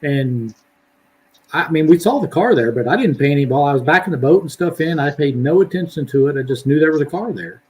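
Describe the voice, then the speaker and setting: A man co-hosts a live chat and tells stories in a relaxed way. He laughs easily, and his voice sits slightly high. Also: quick pace, rough recording. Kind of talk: casual chat.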